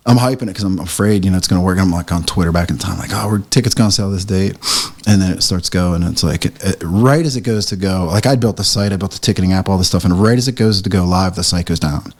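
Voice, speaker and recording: A man from the area, a print shop owner telling a story as a podcast guest, laughing and acting out what people said. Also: low-pitched. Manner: animated, laughing, acts out quoted lines. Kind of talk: casual storytelling chat.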